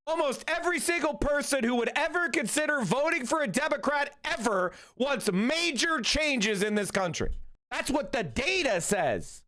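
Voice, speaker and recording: A man with a high voice delivers political commentary on a live stream. He rants with heat, swears freely and yells insults, and he often trips over his words as he speeds up. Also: sing-song, normal speed. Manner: heated, profane, ranting and yelling insults.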